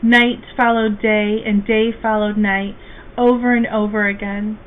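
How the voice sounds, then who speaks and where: A woman reading a children's storybook aloud as a guest reader, slow, gentle and expressive. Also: mid-range voice. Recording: tinny phone-like, faint hiss.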